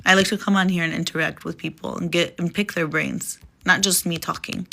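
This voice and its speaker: Young woman rambling on a phone livestream, lowish voice but bright and forceful, chatty. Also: steady tone, brisk, creaky. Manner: chatty, rambling, laughs often. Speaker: live-stream host. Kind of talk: casual live-stream chat and poem reading.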